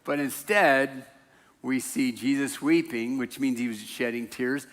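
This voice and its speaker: A man's voice: mid-range voice, measured pace, long reverb tail. A man preaching a sermon in a church, talking in a loose, conversational way with self-deprecating jokes. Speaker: pastor. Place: church sanctuary.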